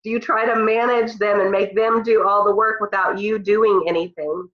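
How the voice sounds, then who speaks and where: On a call, a team leader with a cold speaks at normal speed in a steady, mid-range voice, earnestly and emotionally motivating her people. Congestion is audible, and the phone or computer audio comes through roomy, dull and lo-fi.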